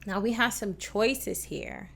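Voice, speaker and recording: A woman's voice: medium pitch, lively intonation, takes it slowly, gravelly, fairly bright tone. A woman teaching children about opera on a kids' TV show, patient and encouraging toward viewers at home. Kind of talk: kids' TV music lesson.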